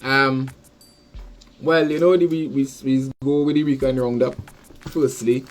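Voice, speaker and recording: A man with a Trinidadian accent hosting a live sports podcast, rambling casually, repeating words and giving shout-outs to listeners. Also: medium pitch, fairly even intonation, a little slow, faint music behind. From Trinidad and Tobago. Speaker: podcast host.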